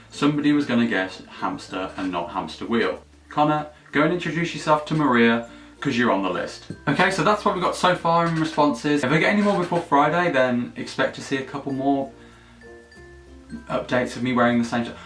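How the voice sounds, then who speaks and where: Jokey young vlogger, mid-range voice, casual swearing, echoey room with soft music underneath. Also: male voice, medium pitch. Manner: jokey, excitable, swears freely. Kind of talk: casual direct-to-camera chat.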